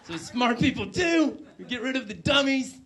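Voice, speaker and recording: A man doing a stand-up comedy set on stage, animated, with loud bursts and low asides. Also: moderate pace, a crowd in the background, noisy background. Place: stage before a live audience.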